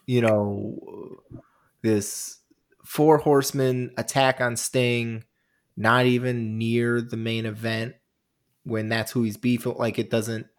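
A man's voice: mid-range voice, steady tone, slow. Man, podcast co-host, casual chat, rambling, giggly.

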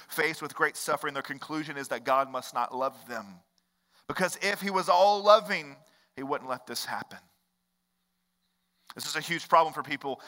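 A man preaching a sermon as pastor, moving from hushed storytelling to impassioned, rising preaching with repetitive rhetorical cadence. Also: on the high side. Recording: long hall reverb.

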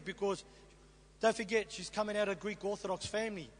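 A man's voice: high-pitched, a little fast, a bit bright. A middle-aged man sharing his testimony as a sermon to a congregation, telling his story with rhetorical questions. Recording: reverberant hall with faint hum.

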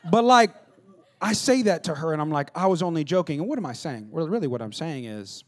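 A man preaching a sermon as pastor on a church stage, animated, with call-and-response asides and self-deprecating humor. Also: a little high, fairly quick. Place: church stage, on stage before a congregation.

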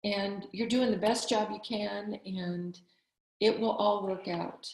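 A woman's voice: medium pitch, fairly even intonation, slow, creaky. A woman in her fifties, a physician, giving heartfelt, emphatic encouragement in a conversation. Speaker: physician, summit speaker. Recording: roomy echo.

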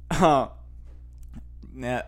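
A man's voice: mid-range voice, drawn-out words, faint music behind. A man hosting a casual show, rambling through news headlines with lots of fillers and restarts.

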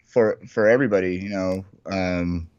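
A man co-hosting a casual wrestling podcast, relaxed and rambling. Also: sits low, normal speed, clean tone, no room sound. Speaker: podcast co-host. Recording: dull dry sound.

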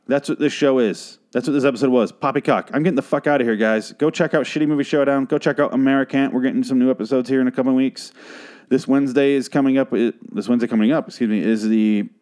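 A man's voice: mid-range voice, a little mellow. A man hosting a podcast, recapping a TV episode in a rambling, sarcastic, profane way. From Phoenix, Arizona, USA. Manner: rambling, sarcastic, swears a lot. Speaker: podcast host.

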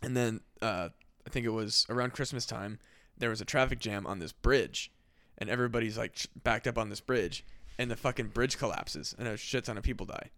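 A podcast host with a smooth, clear, fairly low voice rambles through a story in a casual chat, packing it with fillers and swearing. He talks briskly with a sharp tone. The sound is dry and close, with no room echo.

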